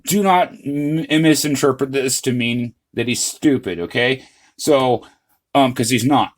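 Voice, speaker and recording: A man's voice: mid-range voice, measured pace. Rambling man chatting history to viewers. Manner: rambling, frequent "uh, you know" fillers and restarts; earnest, addresses viewers as "guys". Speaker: channel host. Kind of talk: casual history vlog monologue.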